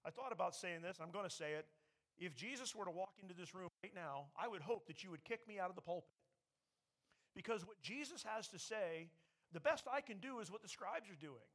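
A man's animated, high-sitting voice fills a church sanctuary as he preaches from the pulpit. His sermon is earnest and conversational, with slowdowns and sudden loud pushes for emphasis.

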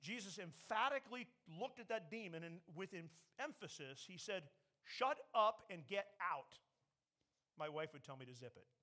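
Man, preacher, sermon, emphatic, bright tense tone. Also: high-pitched, animated, a little fast, few pauses. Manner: emphatic preaching, quoting scripture with raised voice. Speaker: pastor.

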